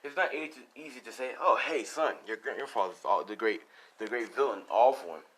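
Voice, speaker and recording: A man's voice: medium pitch, fairly quick, a bit bright, close to an everyday voice, low-quality recording. A man voicing an emotional father who is overwhelmed with relief. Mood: defensive.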